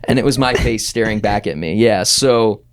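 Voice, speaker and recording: A young man in his twenties, a podcast producer, telling a story in casual chat and jumping up in pitch as he acts out what people said. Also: moderate pace, smooth. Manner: animated, acts out quoted voices with big pitch jumps.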